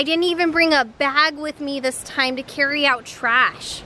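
A woman vlogging on a hike beside a creek, chatty and playful, and quick to get worked up. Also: sits high, pushed and bright. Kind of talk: casual outdoor vlog chat. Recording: noisy outdoor recording.

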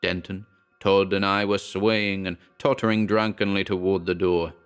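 Horror audiobook reader: very low-pitched man, measured and dramatic. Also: level tone, clear, resonant tone, soft background music. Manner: measured, dramatic first-person storytelling. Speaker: audiobook narrator. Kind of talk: scripted horror narration.

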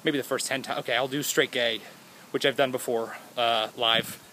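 A man's voice: mid-range voice, steady tone, moderate pace, pushed and bright, a little hiss or hum, poor audio. A young man vlogging outdoors by his house, rambling and joking in a goofy way. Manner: goofy, jokey, jumps between topics and silly voices. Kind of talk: rambling casual vlog.

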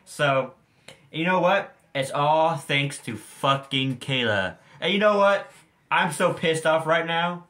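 A man's voice: on the high side, pushed and bright. A teenage boy ranting angrily to his viewers in a storytime vlog, heated and full of swearing. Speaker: vlogger. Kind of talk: angry storytime rant.

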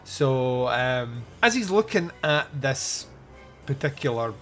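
A man's voice: medium pitch, animated, slow pace, soft background music. A man hosting a casual film-recap podcast, irreverent and joking with crude asides. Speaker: podcast host reviewing a film.

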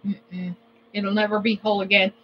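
A woman with a Minnesota accent chatting casually as co-host of a cooking vlog, joking, laughing often and breaking into playful yelling. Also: medium pitch, little pitch movement, normal speed, highs cut off, slight background noise. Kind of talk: casual chat.

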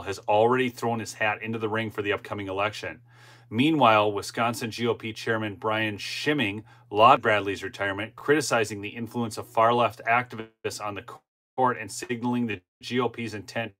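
A man's voice: on the low side, bright, forceful tone. A middle-aged man hosting a political commentary channel, reading news aloud and breaking into impassioned asides with frequent restarts.

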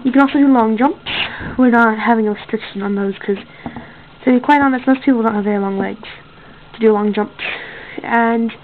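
Girl announcing a homemade contest, higher voice, rambly, lots of ums, tinny lo-fi cam audio. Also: brisk, slight background noise. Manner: rambling, with many fillers and self-corrections. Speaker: contest host. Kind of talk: casual home video.

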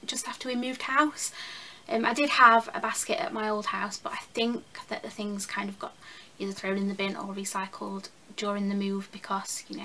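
Young woman, beauty vlogger, bright tone, casual self-deprecating chat, faint background hiss. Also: medium pitch, low-quality recording. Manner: chatty and self-deprecating, with frequent ums and laughs. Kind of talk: casual product review chat.

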